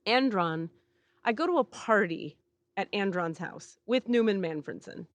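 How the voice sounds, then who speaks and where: A woman's voice: medium pitch, animated, measured pace. A woman hosting a podcast, telling a story in casual chat, acting out the people she quotes and swearing freely, recorded outdoors in a back yard. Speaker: podcast host.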